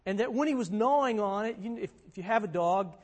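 High-pitched male pastor, earnest chatty sermon, lots of repeating for emphasis, echoey church. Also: lively intonation, fast, darkish tone. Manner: earnest, conversational preaching with emphatic repetition. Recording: long hall reverb.

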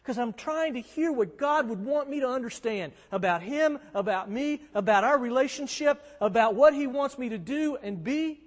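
High-voiced pastor preaching in a reverberant hall. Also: male voice, lively intonation, moderate pace, hardly any pauses. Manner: earnest, conversational preaching with emphatic repetition. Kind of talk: sermon.

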